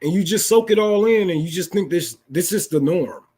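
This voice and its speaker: A young political talk host launches into an unscripted, profane, fired-up rant, preaching to his audience. His husky, warm voice sits high and sounds animated at a normal speed.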